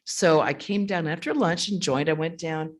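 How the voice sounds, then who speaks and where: A woman, a monastic speaker, telling stories to a retreat audience and answering questions, animated, acting out the voices of others and laughing often. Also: low voice, normal speed. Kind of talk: storytelling talk with audience questions.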